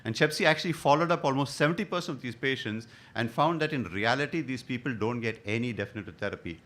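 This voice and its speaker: A man's voice: medium pitch, fast talker, a bit bright. A middle-aged man from India giving a conference lecture as a hematologist, with hesitant fillers and rhetorical questions.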